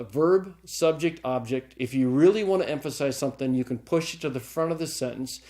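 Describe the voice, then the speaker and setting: A middle-aged man lecturing on Greek grammar with a patient, conversational manner. His voice sits at a moderate pitch, and he often pauses to check in with his listeners. He gives a soft chuckle now and then as he explains. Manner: chuckles lightly while explaining. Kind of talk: recorded classroom lecture.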